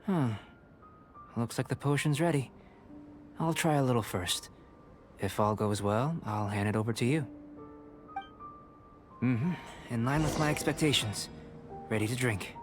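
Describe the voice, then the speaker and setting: A man voicing a calm young male alchemist in a game, measured and lecturing. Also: medium pitch, natural voice. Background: faint game music.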